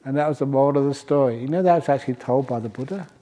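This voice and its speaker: Speaking very fast in a mellow, mid-range voice, a Buddhist monk delivers a storytelling Dhamma talk and Q&A at a retreat. He spins a playful story, fields questions, and frequently laughs at his own jokes.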